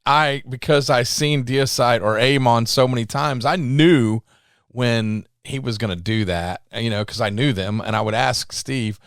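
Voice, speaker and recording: A man's voice: medium pitch, a little slow, clean tone, no echo, clean studio sound. A man hosting an interview in a laid-back, casually profane way. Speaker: host.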